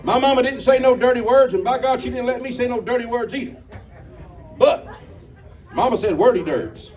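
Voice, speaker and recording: A man's voice: extremely high pitch, normal speed, darkish tone. A man doing stand-up comedy, telling folksy stories, chatting with the crowd and singing a few comic bits. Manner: folksy storytelling, crowd banter. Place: comedy club stage. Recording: distant mic, live crowd and guitar. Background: audience laughter and guitar.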